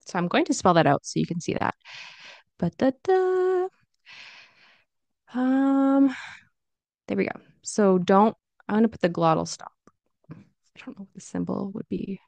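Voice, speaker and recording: A woman teaching English pronunciation in a casual spoken lesson. She talks slowly and deliberately and repeats example phrases. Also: mid-range voice, gravelly, darkish tone, no echo.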